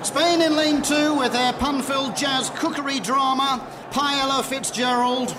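A man playing an excitable sports commentator calling a race in a radio comedy. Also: very high-pitched, a crowd in the background, background noise. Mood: excited. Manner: brisk sports-commentary delivery.

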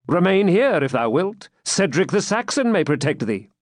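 A man voicing a grave young pilgrim who speaks with quiet authority in old-fashioned words. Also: high-pitched, big pitch swings, moderate pace, no echo, clean studio sound, voice pushed up. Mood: stern. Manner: grave, commanding, archaic speech. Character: stern commanding male pilgrim, young warrior.

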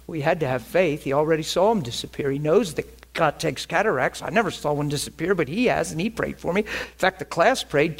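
A man's voice: a little high, expressive, fast talker, few pauses. A man preaching a conversational, emphatic sermon to a class as their pastor.

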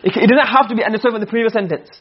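Husky and high-voiced, a man delivers a rapid-fire classroom lecture on Arabic rhetoric, reading Arabic phrases and unpacking them in English. He keeps checking comprehension with "okay?" and "you understand?" Recording quality: dull and lo-fi.

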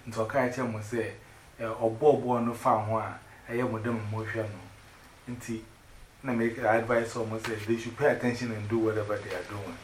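A man rambling excitedly in casual chat, switching between pidgin English and Twi. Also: lowish voice, brisk. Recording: echoey room with loud background noise.

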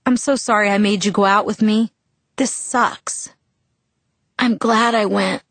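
A woman's voice: mid-range voice, fairly even intonation, normal speed, no echo, natural voice. A woman voicing a sick teenage boy whispering. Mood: weak. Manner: weak broken whisper, abrupt. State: ill, hoarse.

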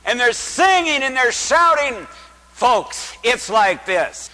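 A man who is a priest, delivering a dramatic sermon in church and asking the congregation rhetorical questions in a booming preacher's voice. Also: very animated, slow pace, sharp tone. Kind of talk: liturgical sermon. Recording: long church reverb.

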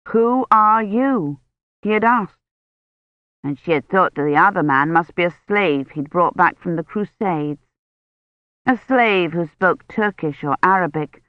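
A woman's voice: fairly low pitch, dry recording. Woman narrating an audiobook, dry sound. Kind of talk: scripted narration. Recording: dull, slightly muffled studio audio.

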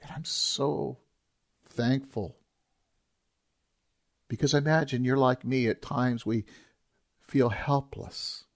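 A man's voice: mid-range voice, fairly even intonation, slow, long pauses. A man preaching a sermon as a pastor, talking in an earnest, emphatic way and repeating key phrases.

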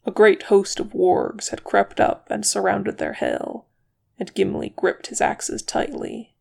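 Slow, gravelly storybook reader. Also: medium pitch, level tone, darkish tone. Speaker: audiobook reader. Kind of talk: reading fan fiction aloud.

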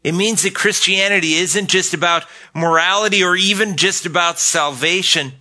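A man's voice: high-pitched, moderate pace, sharp tone. An older man preaching a sermon as pastor, earnest, often repeating a word as he starts a phrase.

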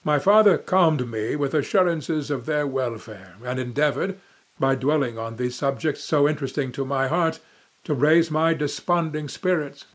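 A man's voice: medium pitch, moderate pace. A young man narrating a classic novel in first person with dramatic, emotive delivery. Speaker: audiobook narrator.

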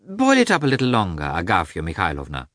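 A man voicing a calm, practical married Russian noblewoman with a light teasing manner. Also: deep voice, fast talker, no echo, studio quality, exaggerated voice.

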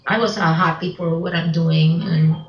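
Woman guest with a foreign accent, halting. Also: on the low side, fairly even intonation, echoey room, dull audio. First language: not English. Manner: halting, repeats words, broken grammar, laughs often. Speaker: actress and filmmaker guest. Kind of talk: casual interview.

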